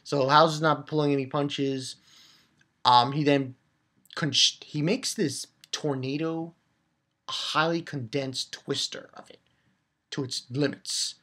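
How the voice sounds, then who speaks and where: A woman giving an excited, rambling recap of a manga chapter, swearing freely and restarting her sentences. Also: low voice, slow pace. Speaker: manga reviewer.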